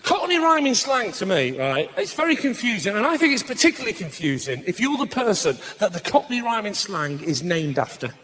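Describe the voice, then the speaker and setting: High-voiced cheeky stand-up man. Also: big pitch swings. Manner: brisk, cheeky, bursts into shouted punchlines. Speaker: stand-up comedian. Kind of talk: live stand-up comedy. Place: live comedy stage before an audience.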